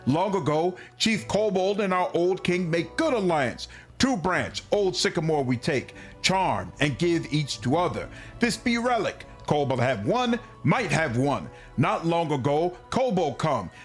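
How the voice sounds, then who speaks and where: Wistful mite queen in broken speech, as a man puts her on, fairly high voice. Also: big pitch swings, a little slow, few pauses, soft background music.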